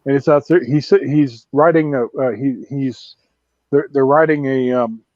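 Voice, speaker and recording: A man's voice: medium pitch, unhurried, dry recording. Canadian man chatting, dry dull sound. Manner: rambling, full of fillers and restarts. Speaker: host. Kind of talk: casual chat on a live stream.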